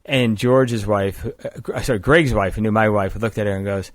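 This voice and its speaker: An older man with a low voice tells his story in a relaxed, rambling way, backing up to correct himself as he goes. He sounds close to the mic in a dry, dead room. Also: normal speed, no room sound. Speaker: company founder and guest. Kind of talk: conversational storytelling interview.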